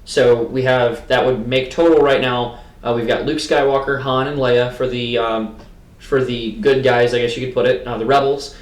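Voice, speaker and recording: A man's voice: mid-range voice, fairly even intonation, moderate pace. A man co-hosting a fan podcast, chatting casually and thinking aloud with plenty of fillers and restarts. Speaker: podcast co-host. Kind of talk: casual chat. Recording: roomy echo.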